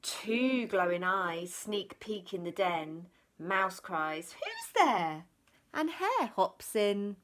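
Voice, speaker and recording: A woman teacher reading a children's storybook aloud, expressive and sing-song. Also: medium pitch, takes it slowly, hardly any pauses.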